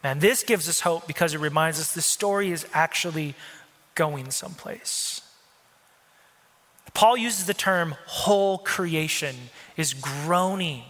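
Male preacher, high and bright voice, chatty sermon with crowd asides, reverberant church hall. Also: unhurried. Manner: conversational preaching with asides to the congregation. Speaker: pastor.

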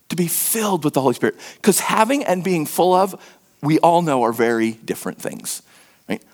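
Middle-aged american pastor, high lively voice, chatty joking sermon. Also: male voice. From United States. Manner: conversational, animated, self-deprecating humor.

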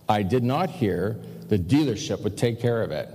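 A pastor telling a personal story in a sermon, animated and self-mocking as he confesses his own failings. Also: lowish voice, unhurried, slightly rough. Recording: long hall reverb.

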